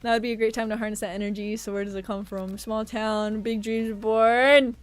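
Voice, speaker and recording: A woman's voice: a little high, flat delivery, a little fast. A woman streaming a game, reading its text aloud in a playful way and laughing often. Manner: playful, laughing, voices characters. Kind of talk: reading a dating sim aloud. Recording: faint music behind.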